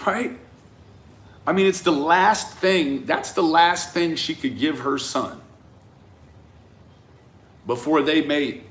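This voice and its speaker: A man talking through a case in a reflective, conversational monologue, often tagging his points with a questioning "right?" and trailing off into quiet asides. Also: fairly high pitch. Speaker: commentator on a true-crime case. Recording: roomy echo with faint ambience.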